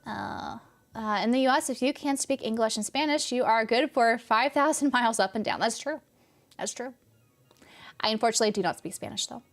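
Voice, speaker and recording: A woman's voice: on the high side, quick pace, soft background music. A young woman from California with a light Californian accent, chatting casually on a game stream and answering chat with a rambling, laughing manner.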